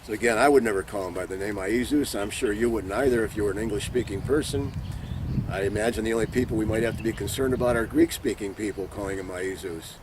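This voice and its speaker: A man's voice: on the low side, quick pace, noisy background. A man giving an informal Bible teaching, speaking earnestly and emphatically and reading scripture passages aloud.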